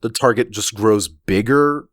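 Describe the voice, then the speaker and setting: Slow, low-voiced man chatting on a podcast. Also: fairly bright tone, dry recording, clean studio sound. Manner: slow, halting, many fillers and restarts. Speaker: podcast co-host. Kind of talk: casual chat, recapping a comic chapter.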